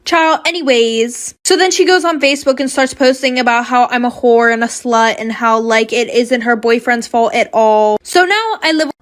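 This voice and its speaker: A woman's voice: fairly high pitch, normal speed, hardly any pauses. A young woman telling a personal story in a chatty, blunt, slangy way, with some cursing. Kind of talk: casual storytime monologue.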